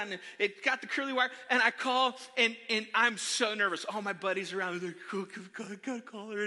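A man preaching a sermon, telling a funny self-deprecating story from his childhood to the congregation in an animated way. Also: very high-pitched. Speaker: pastor. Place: church sanctuary. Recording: long hall reverb.

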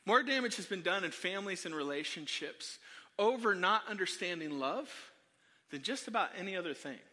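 Man, pastor, sermon storytelling, high voice, animated and self-deprecating, long reverb. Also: fairly quick. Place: church sanctuary.

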